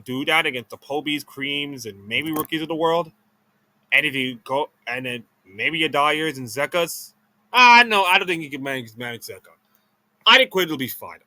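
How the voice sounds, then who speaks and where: An esports video creator ranks players with casual commentary, rambling through lots of restarts and self-corrections. Having just eaten, he talks slowly and sluggishly. His voice is medium in pitch with a sharp tone.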